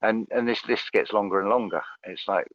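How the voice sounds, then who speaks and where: A man's voice: on the low side, brisk, dry recording, dull audio. A man in casual conversation as a guest, hesitant, often repeating words as he starts a thought.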